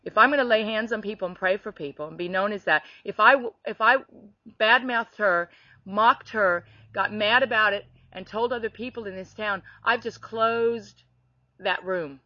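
A woman telling a personal faith story in animated, conversational storytelling, laughing now and then. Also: medium pitch, moderate pace, no echo, dull audio. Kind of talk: faith testimony chat.

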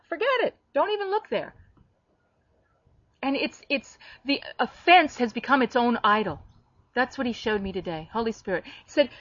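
A woman preaching a sermon in a blunt, emphatic way, rising into sharp bursts when she quotes others. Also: on the high side, dry recording, muffled recording. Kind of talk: sermon-style teaching.

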